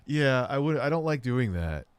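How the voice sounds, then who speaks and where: A man's voice: mid-range voice, big pitch swings, moderate pace, clean tone, no echo. A man in his thirties hosting a livestream, answering chat questions in candid, rambling, self-deprecating stories.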